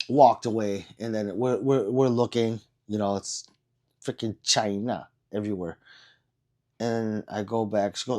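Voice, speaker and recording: A man's voice: lowish voice, steady tone, unhurried, darkish tone. A man hosting a casual livestream, reading viewer comments in a rambling, self-deprecating way with frequent restarts. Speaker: livestream host.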